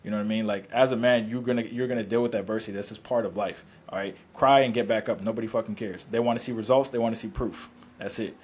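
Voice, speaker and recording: A man's voice: fairly low pitch, fairly even intonation, fast, darkish tone, slightly rough. A man who works as a fitness coach, talking bluntly and profanely in casual podcast chat, rambling with restarts.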